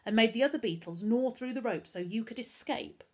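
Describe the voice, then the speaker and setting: A woman voicing a bold, wisecracking schoolgirl with a low voice, sounding skeptical and teasing, in a storybook reading. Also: fairly quick, lightly acted.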